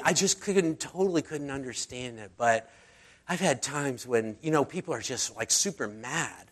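A man's voice: fairly high pitch, unhurried, a bit bright. A man preaching a casual sermon, telling personal stories in a chatty, conversational way and acting out the people he quotes. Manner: chatty storyteller, acts out quoted voices. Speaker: pastor.

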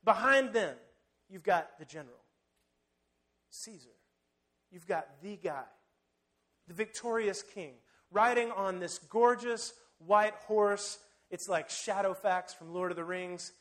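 A man preaching a sermon, telling the story vividly and swinging between loud emphasis and hushed, quiet lines. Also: sits high, slow. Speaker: pastor.

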